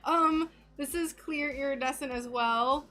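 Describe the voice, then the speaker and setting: Giggly high-voiced American woman. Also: a little slow, bright, forceful tone. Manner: giggly, greets chat viewers. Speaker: stained glass livestreamer. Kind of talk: casual livestream chat.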